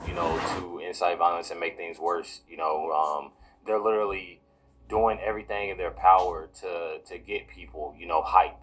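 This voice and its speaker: A man's voice: low-pitched, fairly bright tone, low-quality recording. A man giving casual reaction commentary to his viewers, talking in a repetitive way and leaning on "you know" and "y'all". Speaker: political commentary vlogger.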